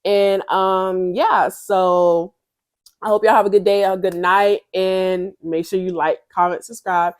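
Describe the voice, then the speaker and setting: A woman's voice: mid-range voice, level tone, unhurried, clean tone. A young woman giving a blunt, profane, slangy review of a reality show in a casual vlog.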